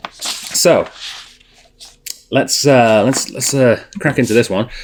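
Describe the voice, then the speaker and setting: A man's voice: medium pitch, darkish tone. A man hosting a whisky tasting video, chatting casually and thinking aloud with fillers and self-corrections. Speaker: host.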